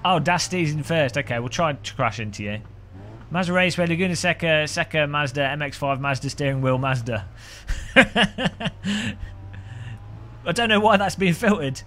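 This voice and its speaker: With a fairly high, lively voice that sounds bright and forceful, a British man talks at normal speed, a little hiss or hum in the background. He's gaming on a sim racing stream at home, wandering between topics with plenty of jokes and chuckles.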